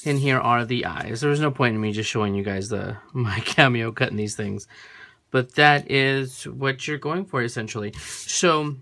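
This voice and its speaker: Gravelly-voiced crafter, chatty and self-correcting. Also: mid-range voice, normal speed, fairly bright tone. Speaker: craft tutorial host. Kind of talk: casual hands-on craft demo. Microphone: camera framing a work surface.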